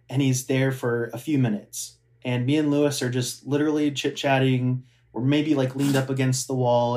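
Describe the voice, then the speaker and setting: A man's voice: mid-range voice, darkish tone. Enthusiastic man telling a story. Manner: enthusiastic storyteller, laughs often. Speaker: guest, former theme park cast member. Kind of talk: casual chat.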